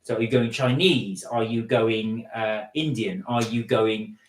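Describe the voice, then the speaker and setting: A man's voice: on the low side, fairly even intonation, measured pace, a crowd in the background. A man co-hosting a casual live stream, chatting with his partner and reading out viewer comments. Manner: chatty, reads out comments and jokes. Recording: echoey room.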